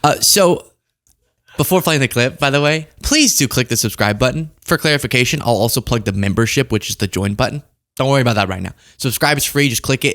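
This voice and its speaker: A man's voice: medium pitch, expressive, quick pace, a bit bright. A young man hosting political commentary, talking casually with sarcastic, jokey asides.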